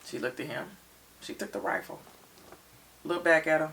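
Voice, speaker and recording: A woman co-hosting a reaction show, recapping an episode in an animated, detailed storytelling way. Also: deep voice, normal speed, vocal fry, far from the mic. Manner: expressive storyteller, retells scenes in detail.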